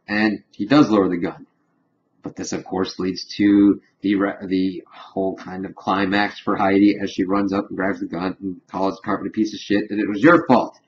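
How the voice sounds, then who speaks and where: A man reviewing a cartoon episode in a casual spoken recap, retelling it animatedly and dipping quiet then loud. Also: low voice, flat delivery, moderate pace. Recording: dull lo-fi with faint hum.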